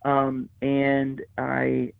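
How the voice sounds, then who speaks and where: On a tinny, phone-like, dry line, a male guest musician tells stories in an interview. His mid-range voice is smooth yet full of vocal fry, monotone and extremely slow, and he rambles with lots of fillers and restarts, acting out what people said.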